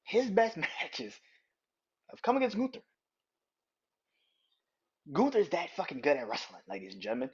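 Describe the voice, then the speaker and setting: Male podcast host on a heated, swearing rant, husky tone, muffled lo-fi recording. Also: on the high side, wildly swooping pitch, moderate pace, long pauses. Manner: heated, profane, emphatic ranting. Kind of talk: ranting wrestling podcast. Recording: dull lo-fi audio.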